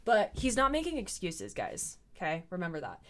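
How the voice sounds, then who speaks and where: A woman's voice: fairly low pitch, huge pitch swings, normal speed, fairly bright tone. A young woman recording a casual commentary video at home, talking with sarcastic asides, her voice a little tired. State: voice getting tired. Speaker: commentary YouTuber. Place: at home in front of a camera.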